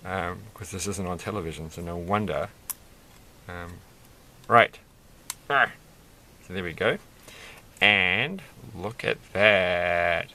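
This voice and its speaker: A man's voice: sits low, measured pace, pauses often, sharp tone. Rambling man chatting while building Lego. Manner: chatty, rambling, self-amused asides. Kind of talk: casual rambling build commentary.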